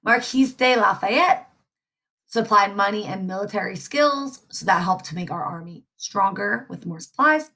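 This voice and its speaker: A woman's voice: mid-range voice, moderate pace, bright, forceful tone. A woman teacher from the Mid-reviewing a history lesson, chatty and often checking in with "right?". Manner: chatty, frequent tag questions.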